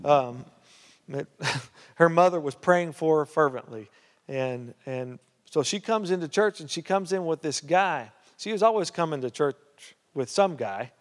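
A fairly high-voiced male pastor spins a story from the pulpit, talking casually with plenty of "uh" and "you know". The sound carries a long hall reverb, like a church sanctuary. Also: a little slow. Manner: conversational, lots of "uh" and "you know", grows animated. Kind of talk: storytelling sermon.

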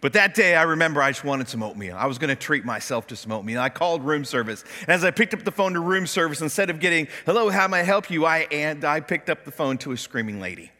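A man's voice: a little high, animated, quick pace, hardly any pauses, pushed and bright, big-room sound. A man preaching a sermon as pastor, telling a story and acting out the voices of the people in it. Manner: storytelling, acts out voices in quotes. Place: church sanctuary.

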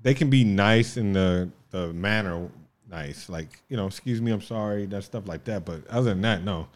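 American actor guy rambling on a podcast, low voice, lots of slang and restarts. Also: normal speed. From United States. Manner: rambling, slangy, repeats words. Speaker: actor, guest. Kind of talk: casual podcast chat.

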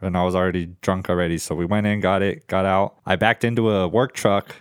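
A man's voice: deep voice, steady tone, fairly quick, smooth, no room sound, studio quality. A man in his twenties telling a rambling, profane story in casual chat. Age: 20s.

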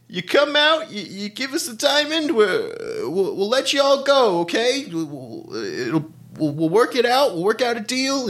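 A man putting on a high-pitched threatening thug. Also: a bit bright, full character voice. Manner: threatening, bargaining. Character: shouting thuggish male guard captain.

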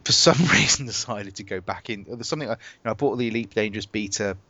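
A man's voice: on the low side, fast, bright, forceful tone, dry recording. Rambling man on a lo-fi podcast. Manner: rambling, searches for words. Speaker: podcast host. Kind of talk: casual chat. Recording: dull lo-fi podcast audio.

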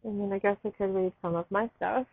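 A tired, allergy-stricken woman hosting a poetry podcast live, chatting in a rambling, excited way while sitting outdoors. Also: mid-range voice, fast talker, slightly rough, dry recording. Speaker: podcast host reading poetry. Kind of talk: casual live-stream chat. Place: outdoors, train in the distance. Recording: tinny phone-like sound, faint outdoor noise.

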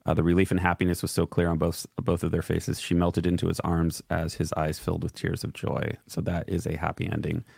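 Deep gravelly male co-host. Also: monotone, brisk, few pauses, darkish tone, dry recording, clean studio sound. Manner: joking, laughs often. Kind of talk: casual news chat.

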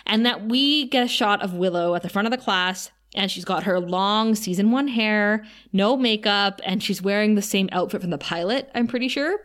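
A woman co-hosting a podcast, recapping a TV episode in casual chat, chatty and animated and often laughing. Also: mid-range voice, moderate pace, hardly any pauses. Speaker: podcast co-host.

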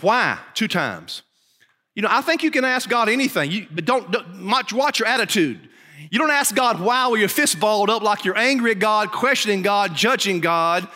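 Preacher, male, high bright voice, emphatic delivery, heard in a reverberant hall. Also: lively intonation, normal speed. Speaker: pastor. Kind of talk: sermon.

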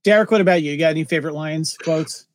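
A male podcast host with a high voice who chats easily and laughs often. He is recorded dry and close over a video call. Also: fast talker, no room sound. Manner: chatty, laughs often, hands off to guests. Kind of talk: casual podcast discussion.

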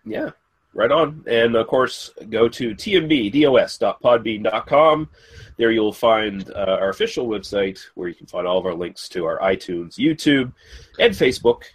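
A man hosts a casual film podcast, wrapping up an episode and plugging upcoming shows. His voice sits fairly low, and he talks in an easygoing way, peppering his sentences with "uh". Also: lively intonation, normal speed, slightly rough. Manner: easygoing, frequent uh fillers. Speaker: podcast host.

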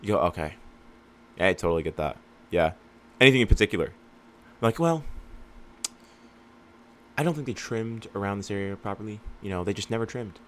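Young male business coach, very low voice, casual and rambling, acts out customer calls. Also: fast talker, a bit bright. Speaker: lawn care business owner and coach. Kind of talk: casual advice monologue.

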